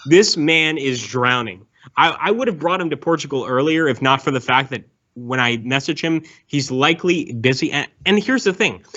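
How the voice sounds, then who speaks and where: Excitable man teasing crudely. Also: a little high, normal speed. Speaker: guest streamer. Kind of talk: casual chat. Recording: dull lo-fi audio.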